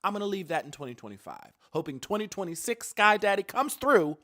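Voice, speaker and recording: A woman delivering a sardonic, theatrical comedic monologue that swings between loud and hushed. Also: medium pitch, very animated, a little fast.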